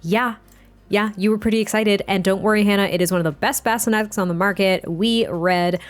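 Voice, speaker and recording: A woman's voice: mid-range voice, fairly even intonation, a little fast, soft background music, lightly acted. A woman voicing a friendly young father in a life-sim game who talks in a chatty, reassuring way. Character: friendly teasing young dad.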